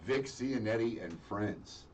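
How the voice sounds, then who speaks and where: A man's voice: fairly low pitch, lively intonation, takes it slowly. A middle-aged man telling a story in casual chat on a radio show, acting out the voices of the people in it. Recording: distant mic with faint noise.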